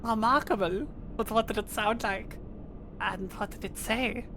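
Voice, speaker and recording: A woman voicing a curious female character who asks soft, wondering questions. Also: on the high side, unhurried, background noise, close to an everyday voice.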